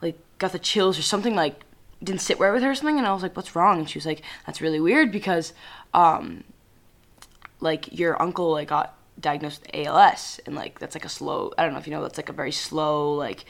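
A young woman co-hosting a casual podcast, telling a story in an animated, profane way and acting out quotes. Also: low voice, fairly quick, vocal fry. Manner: animated, profane, laughs easily, acts out quotes. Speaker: podcast co-host.

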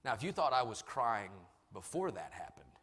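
A man preaching a sermon, telling a personal story and moving between quiet and loud passages. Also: medium pitch, very animated, moderate pace, breathy edge. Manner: storytelling, swings from soft to loud. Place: large church hall. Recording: long hall reverb.

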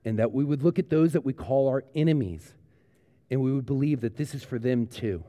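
A man preaching a sermon as pastor, retelling a story earnestly and then moving into a quiet prayer. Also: medium pitch, brisk, long reverb tail.

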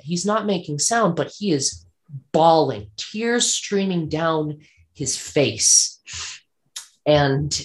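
A man, a guest on an interview show, telling a personal ghost story earnestly and vividly, repeating phrases for emphasis. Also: a little high.

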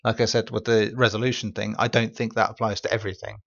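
A man's voice: on the low side, little pitch movement, fast, vocal fry, a bit bright, lo-fi sound. A man co-hosting a gaming podcast, giving blunt, opinionated takes in casual chat. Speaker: podcast co-host.

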